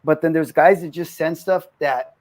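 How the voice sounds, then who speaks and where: A man's voice: fairly high pitch, moderate pace, a little mellow. A man chatting casually on a livestream in an easygoing, rambling way. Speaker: livestream guest. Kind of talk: casual chat on a video call.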